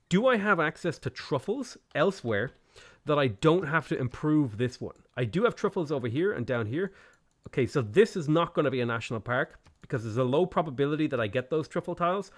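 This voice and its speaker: A man's voice: fairly high pitch, big pitch swings, a little fast. A man streaming a strategy game, thinking aloud about his moves, thanking viewers and laughing often. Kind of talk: casual live-stream commentary.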